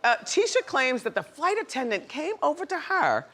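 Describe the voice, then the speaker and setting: A woman's voice: high-pitched, huge pitch swings, normal speed, a bit bright. A woman hosting a talk show, chatting playfully and laughing often with her studio audience.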